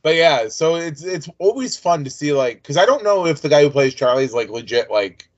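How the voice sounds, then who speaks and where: A man's voice: on the high side, lively intonation, moderate pace. A man co-hosting a TV recap podcast in casual chat, joking around and mangling names. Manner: jokey, playfully mangling names. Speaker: podcast co-host. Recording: muffled lo-fi audio.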